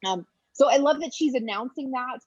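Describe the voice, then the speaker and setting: A woman midwife talks through a birth video with eager, explaining commentary, pausing often on little ums. Her voice is husky and a touch breathy, close and dry, with a slightly dull, lo-fi sound. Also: sits high, animated, no room sound. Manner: warm enthusiastic explaining with many ums.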